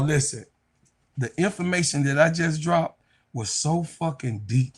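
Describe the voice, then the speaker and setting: A man hosting a casual sports live stream, reading chat aloud, excitable and profane, often breaking into laughter. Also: fairly high pitch.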